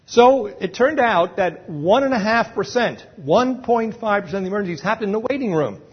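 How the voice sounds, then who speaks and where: A man's voice: high voice, lively intonation, fairly quick, breathy edge, dull audio. A man giving a live lecture on dental emergencies to a roomful of dental staff, emphatic and often checking in with the audience.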